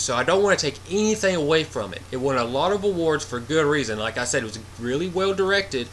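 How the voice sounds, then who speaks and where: A man's voice: a little high, a little hiss or hum. Blunt, rambling man reviewing a movie. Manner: rambling, blunt, swears freely, animated retelling. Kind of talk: casual spoiler review.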